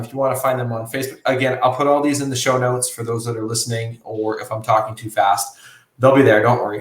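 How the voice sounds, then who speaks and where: A man co-hosting a podcast, talking in a loose, joking way with casual swearing. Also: mid-range voice. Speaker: podcast co-host. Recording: roomy echo.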